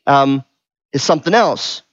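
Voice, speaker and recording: A man's voice: medium pitch, unhurried, no room sound. A middle-aged man preaching a conversational sermon, often stopping to ask questions and add "right?". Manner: conversational, asks the room questions, frequent "right?". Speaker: pastor. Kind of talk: interactive sermon teaching. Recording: dull, lo-fi sound.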